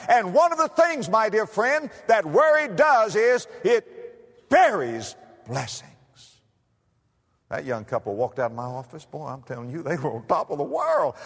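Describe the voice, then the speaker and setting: A man preaching a sermon, swinging from soft, low asides to loud, high-pitched emphasis. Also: slightly rough. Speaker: pastor. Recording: long hall reverb.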